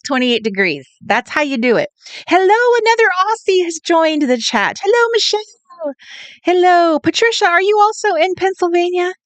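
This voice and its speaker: A woman's voice: high-pitched, no room sound. A woman from California hosting a late-night craft livestream, chatting and greeting viewers in a giggly, sing-song way. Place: home, at night.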